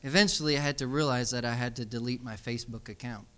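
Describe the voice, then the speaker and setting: A man's voice: mid-range voice, fast. A young adult man preaching a sermon to young people, telling stories and then exhorting them emphatically. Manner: storytelling, animated, emphatic exhortation.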